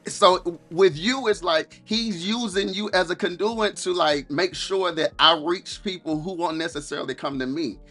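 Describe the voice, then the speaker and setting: Male podcast host, fairly high voice, affirming, soft music underneath. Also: moderate pace, few pauses. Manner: affirming, frequent backchannel. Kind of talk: conversational interview.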